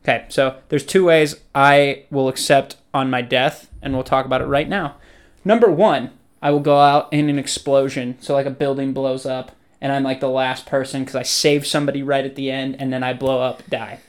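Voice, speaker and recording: A man's voice: medium pitch, fairly even intonation, normal speed. Rambling young man, casual chat. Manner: rambling, teasing, swearing.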